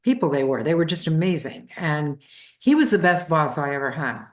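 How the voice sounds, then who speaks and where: A woman in her seventies, appearing as a podcast guest, recounts memories with lively storytelling energy and speaks a little fast. Her voice sits slightly low, and she slips into little voices for the family members she quotes.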